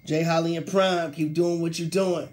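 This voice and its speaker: A young man hosting a sports talk show, ranting casually with slang, laughing mid-sentence and mocking quoted players in a lower voice. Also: little pitch movement, normal speed, a little mellow. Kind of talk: casual solo sports rant.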